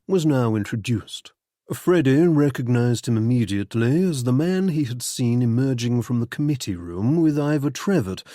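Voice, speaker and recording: A man reading a novel aloud as audiobook narrator, in a measured, even storytelling manner. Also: mid-range voice, no echo, studio quality. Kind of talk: scripted narration.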